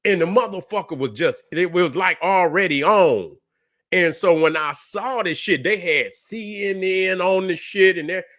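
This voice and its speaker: A man's voice: high voice, a little slow, a bit bright. A man hosting a casual reaction vlog, telling a rambling, profane story straight to his viewers. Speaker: channel host.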